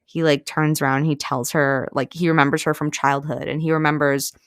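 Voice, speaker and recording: A woman's voice: deep voice, brisk, clean tone, no room sound, clean studio sound. A woman co-hosting a podcast, chattily retelling a novel's plot with lots of fillers. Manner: chatty, animated, many fillers. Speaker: podcast co-host. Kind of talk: casual book recap.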